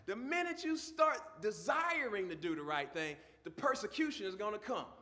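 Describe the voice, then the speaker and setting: A male pastor preaching a sermon, moving from quiet teaching to loud, fervent preaching. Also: high voice, very animated, normal speed, hardly any pauses.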